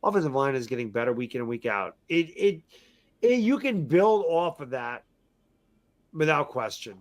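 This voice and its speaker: A man's voice: mid-range voice, sing-song, normal speed. A middle-aged man and football fan giving a frustrated, emphatic post-game rant, repeating himself often. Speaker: sports fan commentator.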